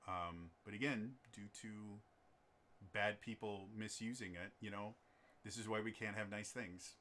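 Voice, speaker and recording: Bright-voiced man chatting. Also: lowish voice, steady tone, unhurried, a little hiss or hum. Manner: rambling, many fillers and restarts. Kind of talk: casual chat.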